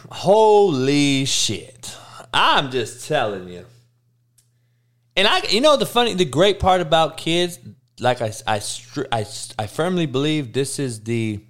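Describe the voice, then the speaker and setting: A man's voice: a little high, sing-song, slow, fairly bright tone. A man who coaches youth, ranting comically in a profane, emphatic way. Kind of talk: comedic rant.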